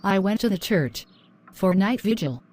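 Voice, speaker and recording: A woman's voice: medium pitch, lively intonation, moderate pace, a little mellow, lightly acted. Jennifer, a woman voicing a timid troubled student. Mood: apologetic. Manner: hesitant, subdued, apologetic. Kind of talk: animated story voice acting.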